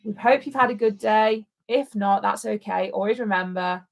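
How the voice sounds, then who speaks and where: A woman's voice: mid-range voice, moderate pace, vocal fry. A woman co-hosting a livestream in casual, rambling chat. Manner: chatty and rambling. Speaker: livestream co-host.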